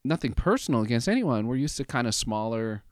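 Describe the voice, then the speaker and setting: A man in his fifties, a podcast guest, telling a personal story in conversation, animated, often adding "like" and "right?". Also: mid-range voice, fairly quick, dry recording, clean studio sound. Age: 50s. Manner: animated, acts out other people's lines in raised voices; peppers his talk with "like" and "right?".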